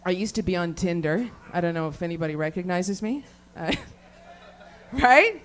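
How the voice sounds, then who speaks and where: A woman's voice: lowish voice, expressive, moderate pace. A woman doing a raunchy stand-up set, rambling, swearing constantly and laughing at her own jokes. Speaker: stand-up comedian. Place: comedy show venue with live audience.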